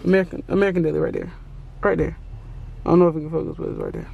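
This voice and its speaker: A woman's voice: sits low, huge pitch swings, very fast, vocal fry, phone-quality sound, a little hiss or hum. A woman vlogging casually about her day on a phone held at arm's length, chatty and rambling, often exasperated. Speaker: vlogger and lash technician. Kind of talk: casual selfie vlog.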